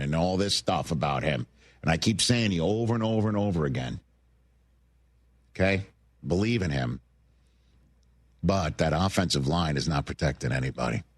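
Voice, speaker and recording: A man hosting a sports talk radio show, emphatic, and prone to repeating himself for effect. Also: deep voice.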